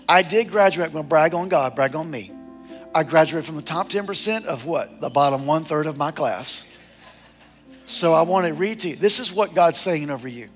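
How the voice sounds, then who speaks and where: A middle-aged man, a lead pastor preaching a sermon in an animated, exhorting way with repeated call-outs to the congregation. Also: high-pitched, moderate pace, faint music behind.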